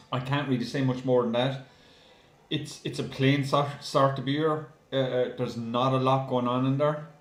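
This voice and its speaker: Chatty man in a roomy echo. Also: medium pitch. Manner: chatty, addresses viewers as guys, many ums. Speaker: beer reviewer. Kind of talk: casual video review.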